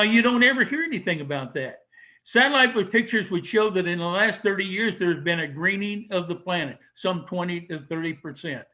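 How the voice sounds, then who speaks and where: An older man speaking to an audience in a high, bright voice. He talks emphatically and argumentatively, posing questions and knocking them down himself. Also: rough recording. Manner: emphatic, argumentative, asks and answers his own questions. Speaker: speaker giving a talk. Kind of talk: public speech to an audience.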